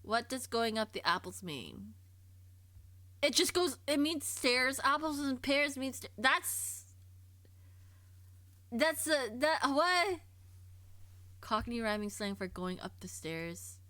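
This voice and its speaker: A woman streamer chatting casually on a livestream, curious and quick to laugh, often stumbling and repeating herself as she thinks aloud. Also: on the high side, lively intonation, sharp tone, dry recording. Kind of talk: casual livestream chat, reading and answering chat.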